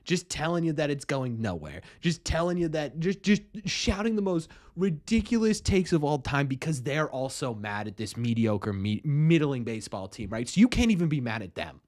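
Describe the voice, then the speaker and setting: Young male stream host, self-mocking and rambling, fairly high voice. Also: a little mellow. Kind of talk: casual live stream chat.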